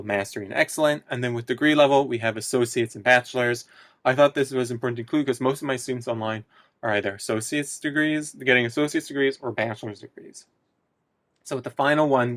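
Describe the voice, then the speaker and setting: A man presenting his research study, talking through the results with frequent pauses, fillers and restarts. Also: medium pitch, fairly bright tone, no echo. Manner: hesitant, many fillers and restarts.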